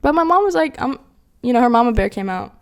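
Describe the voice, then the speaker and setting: A young woman in her twenties, co-hosting a podcast and telling a story in a fast, animated way, full of fillers. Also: fairly high pitch, clean tone. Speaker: podcast co-host. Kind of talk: casual chat, storytelling.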